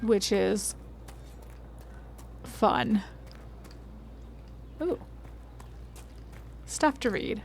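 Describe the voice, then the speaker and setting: A woman's voice: mid-range voice, a little slow, creaky. A woman streaming a video game, chatting casually and reading in-game notes aloud. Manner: chatty, laughs often, trails off.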